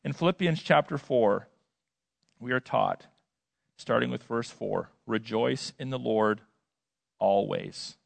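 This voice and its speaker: A male pastor preaching a sermon, emphatic, swinging between loud and quiet and repeating words for effect. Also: mid-range voice, slow pace, creaky, pauses often. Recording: long hall reverb.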